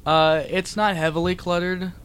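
A man's voice: high voice, little pitch movement, normal speed, fairly bright tone, slight background noise. A man running a tabletop game as game master, talking in a loose, easygoing way with plenty of fillers.

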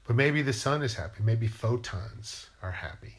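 A man's voice: fairly low pitch, animated, fairly quick, hardly any pauses. Musing man in a rambling monologue. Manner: musing, playful, asks questions aloud. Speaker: writer.

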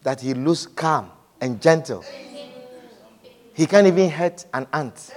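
A man preaching a sermon, repeating his points with emphasis and moving between hushed and loud delivery. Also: fairly high pitch, takes it slowly, pauses often. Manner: repetitive emphatic preaching, swinging from soft to loud.

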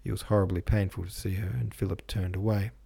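Low, husky male audiobook narrator. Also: little pitch movement, quick pace, dark tone. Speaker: audiobook narrator and podcast host. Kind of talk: scripted literary narration.

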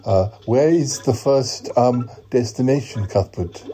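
A man's voice: medium pitch, measured pace, warm tone, faint music behind. Hesitant man hosting a comedy podcast. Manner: hesitant, many ums and uhs. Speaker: podcast host. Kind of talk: comic improvised sketch.

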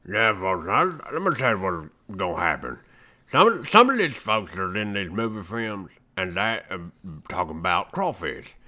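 A man's voice: on the low side, sing-song, moderate pace, pushed and bright. A man putting on a folksy grump. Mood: ranting. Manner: folksy, grumbling, blustery. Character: gruff opinionated Southern man ranting about movies. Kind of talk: comedy bit on a podcast.

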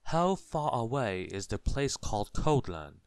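A man's voice: medium pitch, sing-song, unhurried, darkish tone, smooth, no echo, pitched above the performer's own voice. A man doing a fussy, emphatic old wizard. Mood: brisk. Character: wise old male wizard, brisk and fussy. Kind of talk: storybook read-aloud.

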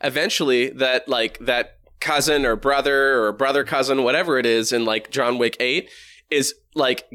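A man's voice: mid-range voice, moderate pace, sharp tone, clean tone. A man hosting a casual podcast, rambling and laughing at himself as he wraps up the show. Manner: laughing, rambling, self-mocking. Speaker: podcast host.

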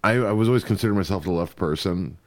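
Blunt, profane podcast co-host. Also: male voice, sits low, fast. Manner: laughs easily, blunt and profane. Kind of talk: casual chat.

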